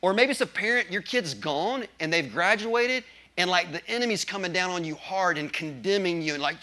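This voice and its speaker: A man's voice: high voice, lively intonation, moderate pace, sharp tone. A male pastor preaching a sermon with emphasis, often asking the congregation questions.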